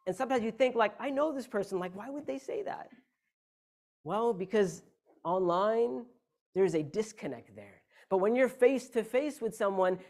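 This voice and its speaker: A man preaches a Friday sermon in a mosque hall. He leans hard on single words and keeps asking rhetorical questions. His voice sits fairly high for a man. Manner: emphatic, rhetorical questions, shifting stress.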